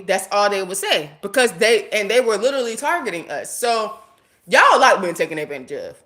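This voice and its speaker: A woman from the US vents casually to her livestream audience in a mid-range voice, a little fast. She's blunt and animated, swearing freely as she speaks straight to viewers and the chat.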